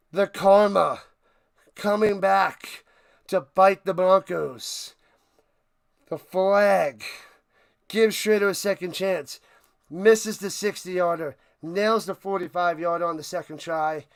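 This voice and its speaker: Streamer host, male, high gravelly voice gone hoarse, breathless, shouting excitedly. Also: slow. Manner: hyped, shouting, repeats phrases. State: hoarse, losing his voice. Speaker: live-stream watch party host. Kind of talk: excited live-stream sports commentary.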